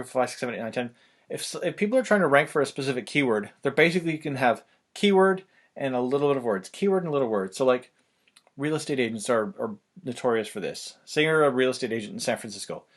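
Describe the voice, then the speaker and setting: A man, talking fast and loosely with lots of fillers as he explains online marketing, a little out of breath. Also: mid-range voice, lively intonation. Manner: rapid, loose, filler-heavy delivery. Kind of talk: casual fast explainer talk.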